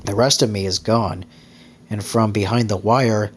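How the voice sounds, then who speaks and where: A man's voice: lowish voice, fairly even intonation, unhurried, slight background noise, lightly acted. A man voicing a simple-minded young hen in a farmyard, in a breathless run-on chant of small thoughts. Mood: awed.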